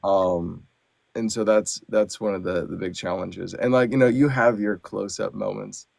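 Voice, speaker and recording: A man who narrates audiobooks talks on a podcast in a low, gravelly voice. He's animated and loose, full of fillers. The sound is dry and close, with no room around it. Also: moderate pace, no room sound. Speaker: audiobook narrator and actor, guest. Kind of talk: casual podcast chat.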